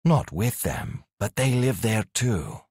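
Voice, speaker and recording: Narrator doing a proud impatient duke, formal and clipped, lively low voice. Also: male voice, breathy edge, no echo, studio quality, full character voice. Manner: measured, formal.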